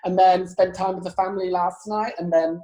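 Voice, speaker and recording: A man from Cornwall chatting casually as a podcast guest, quick and self-deprecating. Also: high-pitched, flat delivery, warm tone, low-quality recording. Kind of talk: casual chat.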